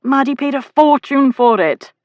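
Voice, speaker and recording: A woman's voice: sits high, normal speed, no room sound, highs cut off, voice pushed up, close to an everyday voice. A woman voicing a happily married nobleman in an audiobook, dry and drawling. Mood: wry. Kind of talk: audiobook character voice.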